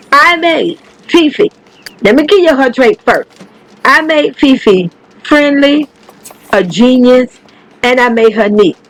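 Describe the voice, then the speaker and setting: A woman hosting a gaming channel, chatting casually and animatedly to her viewers, swearing freely and laughing often as her voice jumps up when she gets excited. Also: a little high, poor audio. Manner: animated, chatty and profane, calls viewers baby. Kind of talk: casual gameplay commentary.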